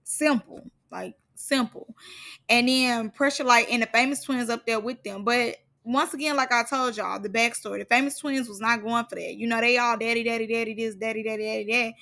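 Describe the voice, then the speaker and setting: A woman with a high voice chats through a reality show recap in loose, slangy gossip. Her tone is bright and cutting, and she talks in an animated way, laughing often as she goes. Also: normal speed, gravelly. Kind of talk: casual gossip commentary.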